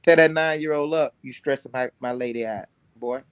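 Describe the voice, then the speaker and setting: A man's voice: mid-range voice, a little fast, smooth, dry recording. A man in a casual talk-show debate, pushing his point with teasing questions.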